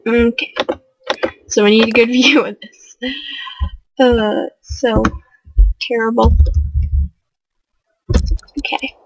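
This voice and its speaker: A woman's voice: a little high, flat delivery, slow, long pauses, background noise. A young woman giving casual let's play commentary on a life simulation game, reacting with gasps and squeals. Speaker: gaming video creator.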